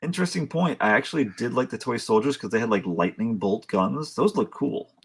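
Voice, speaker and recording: A man with a husky voice co-hosting a casual film review podcast, relaxed and full of "like". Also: mid-range voice, brisk. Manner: relaxed, many "like" fillers. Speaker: podcast co-host.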